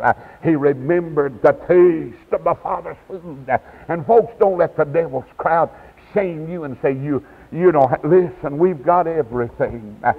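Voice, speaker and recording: A man preaching as an evangelist at a revival, swinging from low asides to high shouted cries. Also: animated, normal speed, slightly rough. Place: church. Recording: dull lo-fi 1990s church tape.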